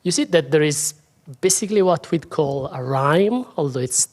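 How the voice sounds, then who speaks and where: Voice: mid-range voice, animated, moderate pace, darkish tone. Lecturer thinking aloud. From Italy. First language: Italian. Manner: thinking aloud, self-deprecating asides. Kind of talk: academic talk.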